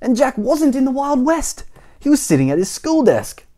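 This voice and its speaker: A man's voice: very high-pitched, big pitch swings, normal speed, mellow. A man from Australia, reading a children's storybook aloud and adding playful chatty asides to listeners. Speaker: storybook reader.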